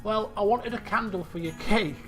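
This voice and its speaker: A man's voice: high-pitched, normal speed, fairly bright tone, soft background music. A man quoting his stubborn seventy-something mother. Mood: insistent. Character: stubborn devoted elderly mother, woman in her seventies.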